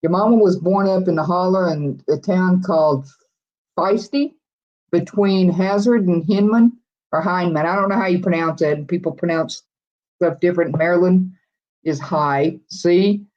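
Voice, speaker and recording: A woman's voice: fairly low pitch, normal speed, darkish tone, dull audio. A middle-aged woman with a Texas accent chatting casually with live viewers, rambling from one thought to the next. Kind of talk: casual live-stream chat.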